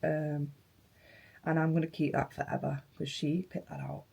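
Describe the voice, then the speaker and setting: A young woman vlogging casually, emotional and halting, her voice hoarse from flu and tonsillitis, sometimes dropping to near-whispers. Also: sits low, level tone, mellow. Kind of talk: casual vlog chat.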